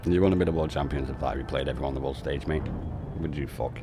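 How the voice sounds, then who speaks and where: A man's voice: very deep voice, quick pace, background noise. A man, chatting casually on a game stream, swearing constantly and laughing often as he banters with his viewers. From North West England.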